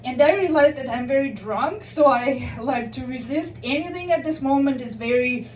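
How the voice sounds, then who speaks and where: A woman with a high voice tells a personal story in an easy, chatty way and laughs now and then as she goes. She sounds a little distant from the mic. Her voice rings in an echoey room over a faint hum of background noise. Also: expressive, moderate pace, a little mellow. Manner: chatty, laughs often mid-sentence. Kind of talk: personal story told to listeners.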